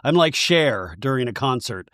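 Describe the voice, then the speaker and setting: A man's voice: animated, normal speed, fairly bright tone, no room sound, clean studio sound. A man hosting a podcast, chatting casually through a recap and acting out the quotes he tells. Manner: chatty, acts out quotes in high voices. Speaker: podcast host.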